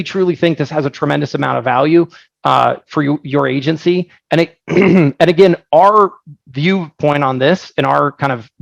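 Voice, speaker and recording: Gravelly, upbeat man on a webinar. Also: fairly high pitch, dry recording, rough recording. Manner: energetic, joking, storytelling with many asides. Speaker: software founder presenting on a webinar. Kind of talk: casual live product presentation.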